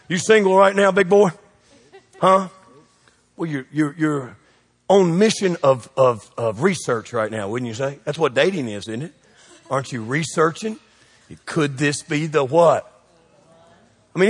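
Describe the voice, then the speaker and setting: A man's voice: fairly high pitch, lively intonation, husky, in a large hall. A man preaching a sermon as pastor, joking with the congregation and throwing questions back at them. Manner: preachy and joking, quick shifts in loudness, call-and-response questions.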